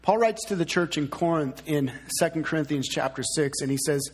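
A man's voice: fairly high pitch, fairly quick, husky. A man in his thirties preaching a sermon as pastor, emphatic and fond of repeating key words.

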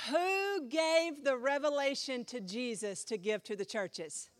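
A woman pastor teaching a Bible class in a chatty, animated way, often asking the class questions. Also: sits high, a little slow, few pauses, dry recording.

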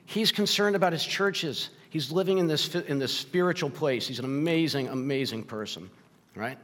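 A pastor with a slightly high, somewhat bright voice preaches at a moderate pace in a church sanctuary, his words trailing into long hall reverb. His sermon is conversational and full of "right?", and he gets emotional, choking up and laughing.

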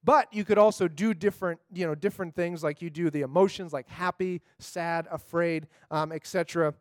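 Man, high voice, dry close sound, upbeat chatty teacher, lots of "right?". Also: steady tone, brisk, no echo. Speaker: teacher of scripture memory. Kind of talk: casual teaching talk.

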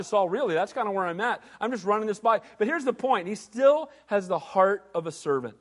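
A pastor preaching a sermon, reading scripture and acting out the voices of biblical characters with rising intensity. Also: male voice, sits high, animated, fairly quick, few pauses, fairly bright tone, in a large hall.

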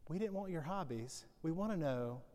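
A man in a sermon, retelling the lines of a gruff male therapist who leads a group and keeps probing. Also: fairly high pitch, expressive, normal speed, warm tone, in a large hall, close to an everyday voice. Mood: blunt. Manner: blunt, probing.

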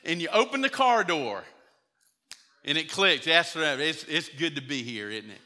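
A man's voice: on the high side, sing-song, normal speed, sharp tone. A man, preaching a sermon to his church in a conversational storytelling way and acting out the voices of people he quotes. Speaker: pastor. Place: church sanctuary. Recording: church hall reverb.

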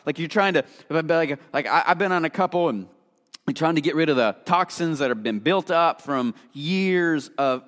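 A man's voice: a little high, fairly bright tone. A man preaching a conversational sermon, chatty and casual, full of fillers, acting out the voices he quotes. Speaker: pastor. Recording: long hall reverb.

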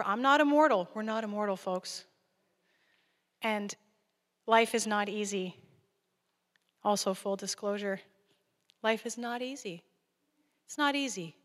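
A woman delivers a sermon in a plain, conversational way, earnest and direct. Her voice sits at an ordinary middle pitch. It rings out with the long reverb of a church hall. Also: a bit bright. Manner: earnest, conversational, laughing at times. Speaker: guest preacher.

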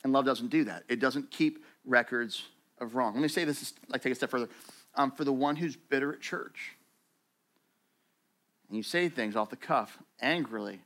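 Animated bright-voiced man preaching. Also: medium pitch, normal speed. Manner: conversational, animated, acts out quoted voices. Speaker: pastor. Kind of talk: sermon.

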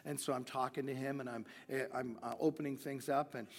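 A guest preacher at a church service tells earnest stories from his own ministry, often restarting his sentences, in a sermon built on personal storytelling. He speaks at medium pitch, fairly quickly, with fairly even intonation. The large church hall gives a long reverb, and faint music can be heard.

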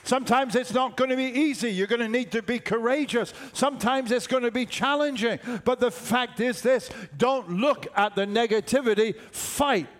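An older man preaches with a high, bright voice. He leans into his points and repeats phrases for emphasis. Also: normal speed, few pauses. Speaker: pastor. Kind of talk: sermon.

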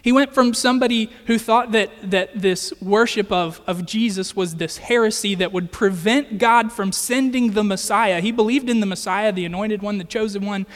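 A man's voice: sits high, moderate pace, few pauses, big-room sound. A man preaching a sermon in an earnest, conversational way, often checking in with his listeners. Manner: earnest, conversational with rhetorical "right?".

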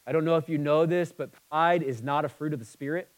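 A man preaching a sermon, moving between emphatic, passionate stretches and quiet, somber ones. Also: on the high side, brisk, rough recording. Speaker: pastor.

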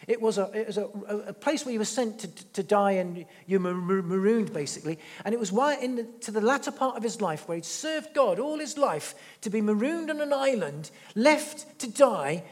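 A man preaching a sermon in a church, conversational, repeating his phrases and dropping quiet for intense moments. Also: high-pitched, animated, normal speed, few pauses, long reverb tail. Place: church hall.

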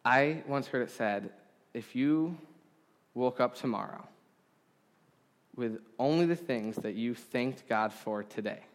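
A man preaching a sermon to a congregation, earnest and deliberate, with emphatic pauses. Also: medium pitch. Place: congregation hall. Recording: long hall reverb.

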